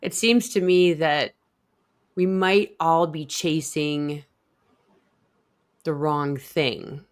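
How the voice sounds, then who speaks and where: A woman's voice: low voice, steady tone, extremely slow, pauses often. A woman in her forties hosting a podcast over a phone video call, chatty and rambling. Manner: chatty, rambling, laughs easily. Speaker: podcast host. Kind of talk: casual podcast chat.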